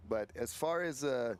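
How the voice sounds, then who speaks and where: A man giving color commentary in a laid-back, rambling way, full of "you know" and small chuckles. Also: mid-range voice. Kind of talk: live sports commentary.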